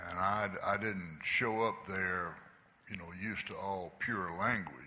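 Slow, earnest older man. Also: low-pitched, bright, forceful tone. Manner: earnest, confessional storytelling. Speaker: guest speaker giving testimony. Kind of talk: church testimony. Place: church. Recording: echoey church hall.

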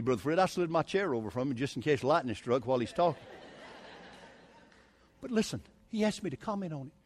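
A preacher tells a story from the pulpit, his voice fairly high for a man. He is emphatic and folksy, leaning into key words with a touch of humor. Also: no echo. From Southern United States. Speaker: evangelist preacher. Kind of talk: sermon storytelling.

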